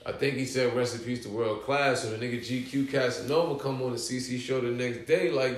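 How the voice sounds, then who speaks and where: A man hosting a podcast, telling stories in a casual, slangy, animated way with many asides. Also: mid-range voice, fairly quick, hardly any pauses, slight background noise. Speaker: podcast host. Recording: roomy echo.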